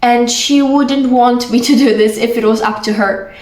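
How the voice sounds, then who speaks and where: A young woman, a vlogger talking casually and warmly to camera, full of "like" and pet names. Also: on the high side, steady tone, moderate pace. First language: Polish. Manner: chatty, full of "like", affectionate. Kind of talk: casual heartfelt talk to camera. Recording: roomy echo.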